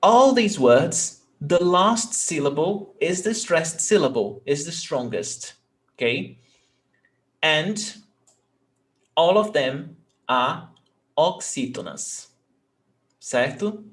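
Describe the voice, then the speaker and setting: A man's voice: on the high side, very animated, slow, pauses often, fairly bright tone. A young man teaching a language lesson, repeating each example word and checking in with "okay?".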